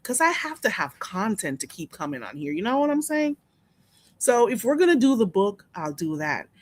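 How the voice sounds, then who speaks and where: A woman hosting a casual live stream, chatting with her viewers, gossiping and laughing often. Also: lowish voice.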